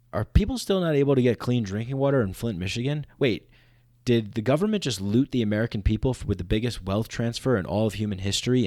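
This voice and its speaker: A man hosting a podcast, delivering a sarcastic satirical monologue in rapid-fire mock voices. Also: fairly low pitch, darkish tone, no echo, studio quality. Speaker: podcast host.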